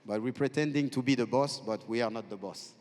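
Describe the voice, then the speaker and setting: A man with a French accent chats on a festival stage, spinning animated stories in halting, restarting phrases. His voice sits in a middle register. The sound carries a long reverb from the hall. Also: medium pitch. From France. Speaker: festival guest. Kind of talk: on-stage conversation.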